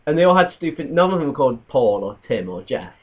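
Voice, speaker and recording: A man with a slightly husky voice trades quick jokes on a casual comedy podcast. The sound is muffled and low-fidelity. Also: big pitch swings. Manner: quick joking interjections. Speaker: podcast co-host. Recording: dull lo-fi podcast audio.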